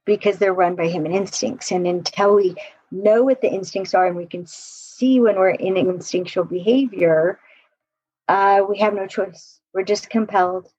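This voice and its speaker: Speaking at a normal speed in a husky, mid-range voice, a woman relationship coach acts out quotes and laughs often as she tells stories in a podcast chat. The recording is muffled, with no echo.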